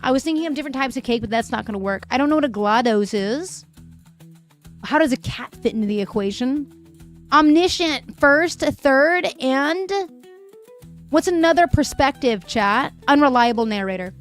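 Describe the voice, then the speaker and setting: A woman's voice: sits high, expressive, normal speed. A young woman hosting a live stream, chatting casually and reading viewer messages aloud with frequent laughs, her voice a little worn. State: voice a bit fried. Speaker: livestream host. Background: faint music.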